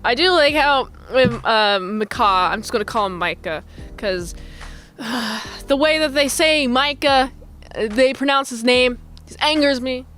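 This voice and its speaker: A woman's voice: sits high, moderate pace, a bit bright, soft background music. A young woman giving a casual movie recap in a rambling, jokey way with loose slang. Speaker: movie reviewer.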